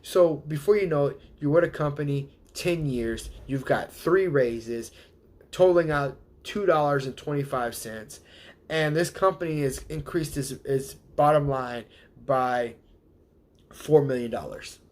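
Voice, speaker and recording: Animated man ranting on a live show. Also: on the high side, a little slow. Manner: animated, quotes others in put-on voices. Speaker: host. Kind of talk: casual monologue.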